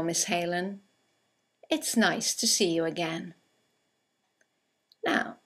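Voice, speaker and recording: A woman narrating a scripted English conversation lesson, reading example greetings aloud with slow, clear delivery. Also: medium pitch. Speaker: English teacher.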